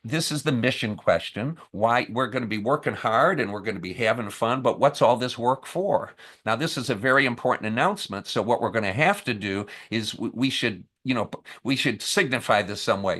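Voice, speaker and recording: Podcast guest, man, animated storyteller, mid pitch. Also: fairly quick, hardly any pauses. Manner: lively storyteller, acts out scenes with quoted lines. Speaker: podcast guest, camp staff trainer and author. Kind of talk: conversational interview.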